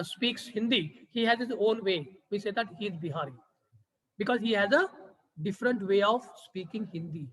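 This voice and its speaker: A man's voice: high-pitched, a bit bright. A man with a Maharashtrian Indian English accent lecturing on linguistics, asking rhetorical questions and repeating key phrases for emphasis. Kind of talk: classroom lecture. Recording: long reverb from a large room.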